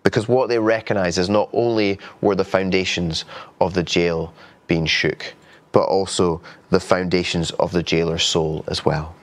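A man's voice: sits low, steady tone, moderate pace. A man preaching a sermon in an earnest, conversational way, with frequent restarts. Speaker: pastor.

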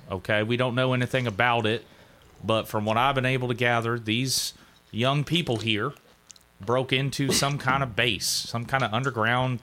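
A man voicing a flustered companion who hurriedly tries to calm down an armed stranger. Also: medium pitch, natural voice.

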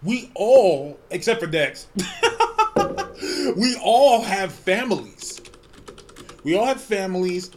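A man co-hosting a podcast, telling a story in casual chat, animated and profane, often breaking into laughter. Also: high voice. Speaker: podcast co-host.

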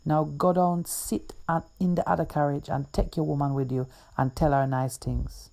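A woman reading a tall, calm, odd man's lines in a Jamaican accent, quiet and unbothered. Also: fairly high pitch, moderate pace, vocal fry. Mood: calm, teasing. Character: tall calm odd man in a red hat.

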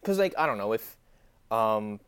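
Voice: mid-range voice, big pitch swings, moderate pace, clean tone. Hesitant podcaster chatting casually. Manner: hesitant, many restarts and "like". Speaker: podcast co-host. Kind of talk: casual hockey chat.

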